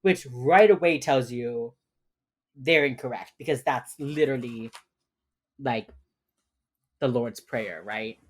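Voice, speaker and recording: A woman's voice: rumbling low, takes it slowly, long pauses, slightly rough. A woman co-hosting a podcast, chattily retelling a TV episode with lots of fillers. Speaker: podcast co-host. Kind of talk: casual chat recapping a TV episode.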